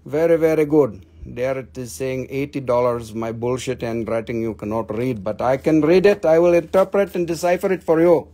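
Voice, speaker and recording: A man's voice: medium pitch, fairly even intonation, normal speed, dark tone. A man with an Appalachian accent hosting a live mineral sale, with rambling, joking, folksy patter. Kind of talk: casual live-stream sales patter.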